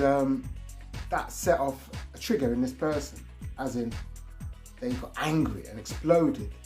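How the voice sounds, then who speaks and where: A man's voice: mid-range voice, a little mellow. A man giving rambling, casual advice on emotional triggers, often restarting his sentences. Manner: rambling, repeats and restarts himself.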